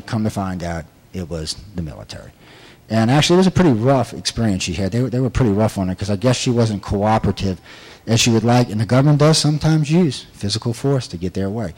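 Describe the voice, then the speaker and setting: A man's voice: medium pitch, darkish tone, low-quality recording. A man giving a casual talk to an audience as an abduction researcher, rambling and emphatic with frequent restarts. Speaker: abduction researcher and regression investigator.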